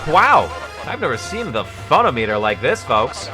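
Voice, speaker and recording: Guy putting on a mid-atlantic tv host, salesy and booming, big swoops, game music behind. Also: sing-song, natural voice. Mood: hyping. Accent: put-on mid-Atlantic. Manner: booming, salesy, drawn-out announcer delivery. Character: showy TV-headed male game show host.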